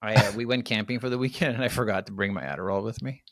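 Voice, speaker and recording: Male podcast co-host, low voice, rambling and chatty, dry close mic. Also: rapid-fire, fairly bright tone, no room sound. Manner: rambling storyteller, many fillers and restarts. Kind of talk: casual podcast chat.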